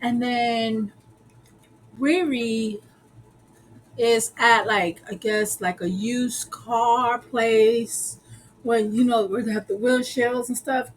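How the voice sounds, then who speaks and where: A woman's voice: on the high side, a little hiss or hum, poor audio. A woman casually recapping a show episode, chatty and slangy with lots of fillers.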